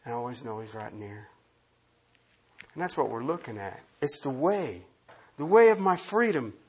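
A man's voice: medium pitch, sing-song, moderate pace, slightly rough. A man preaching a sermon as pastor, emphatic and quizzing the congregation with questions.

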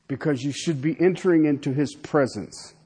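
High, husky, lively-voiced preacher man. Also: moderate pace. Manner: emphatic, rhetorical questions, often checks in with "Okay?". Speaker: pastor. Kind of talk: sermon.

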